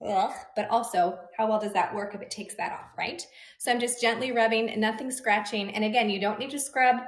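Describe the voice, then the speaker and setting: A young adult woman, a beauty influencer, chatting brightly to her viewers while reviewing and demonstrating skincare. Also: a little high, brisk. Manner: bubbly, chatty, addresses viewers directly. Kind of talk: product review and demo. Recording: echoey room.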